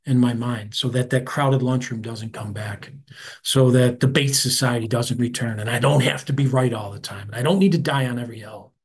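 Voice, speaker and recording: A man, sharing his recovery story at a meeting in a candid, conversational way, often trailing off quietly. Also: medium pitch, breathy edge. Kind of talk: personal recovery share.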